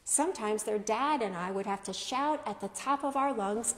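A woman pastor preaching a sermon in a measured style, asking rhetorical questions. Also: fairly high pitch, big-room sound. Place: church.

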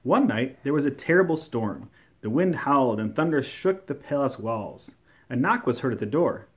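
A man reading a classic children's story aloud, telling it in a warm, expressive storytelling manner. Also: medium pitch, moderate pace. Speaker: storybook reader.

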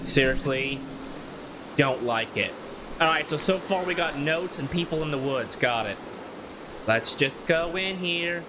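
A man's voice: fairly high pitch, measured pace, background noise. A man giving nervous commentary while playing a horror game, muttering repeated worries and breaking into sudden yelps. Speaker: gaming YouTuber.

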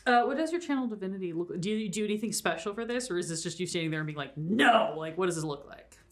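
A woman's voice: lowish voice, animated, very fast. A woman running a tabletop game as game master, narrating playfully and laughing often.

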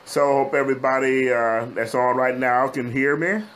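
A middle-aged man with a Texan drawl, talking casually to viewers on a livestream. He is chatty and folksy, with plenty of "uh"s, and keeps calling his audience "guys" in a mid-pitched voice. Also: steady tone, moderate pace, fairly bright tone, slight background noise. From Texas. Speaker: host of a business advice livestream. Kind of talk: casual live-stream talk to viewers.

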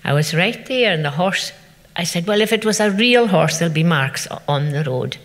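An older Scottish woman speaking at a festival tells chatty anecdotes to an audience, acting out the voices of the people she quotes. Her voice is lowish with lively intonation and a moderate pace, and the event venue sounds like an echoey hall.

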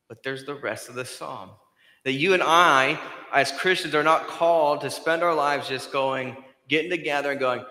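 Bright-voiced man preaching in echoey hall. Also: mid-range voice, normal speed. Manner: conversational preaching, swings between loud emphasis and soft hushed lines. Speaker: pastor. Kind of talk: sermon. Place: church sanctuary.

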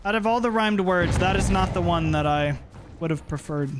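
A man livestreaming a game, chatting playfully and yelling at what happens on screen. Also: high voice, moderate pace, noisy background. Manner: animated, playful, yells at the game. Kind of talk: live gameplay commentary.

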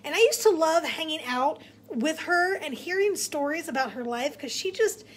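A young woman teaching a kids' Bible lesson in a bubbly, casual, excitable way. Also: high-pitched, moderate pace, slight background noise. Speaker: children's ministry teacher.

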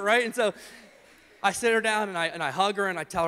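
A young male pastor with a high voice that rings through a church hall. He preaches in an animated way, telling a personal story and acting out his own frantic moments. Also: fast talker, clear, resonant tone. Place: church sanctuary.

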